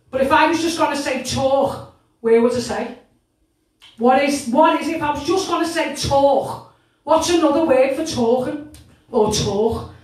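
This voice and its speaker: A woman with a Liverpool Scouse accent playing a loud, bossy, teasing quiz host at a live comedy pub quiz. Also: sits high, far from the mic. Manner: shouty, teasing, sings along to music. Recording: echoey room, off-mic, music playing.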